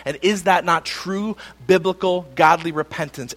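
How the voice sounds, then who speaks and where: High-voiced, animated preaching man. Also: fairly quick, few pauses. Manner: animated, jokey, acts out quotes. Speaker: pastor. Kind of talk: sermon.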